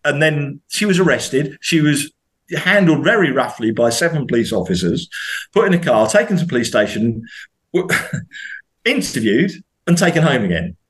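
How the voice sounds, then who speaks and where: A man's voice: on the high side, moderate pace. A man from the UK, a podcast guest, talking casually with many restarts and indignant rising questions. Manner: animated, hesitant restarts, rises sharply when indignant. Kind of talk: casual conversation.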